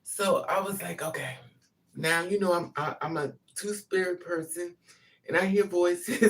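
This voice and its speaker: A person telling a personal story in a casual monologue, blunt and animated, swearing freely and breaking into loud, emphatic bursts. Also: medium pitch, distant mic.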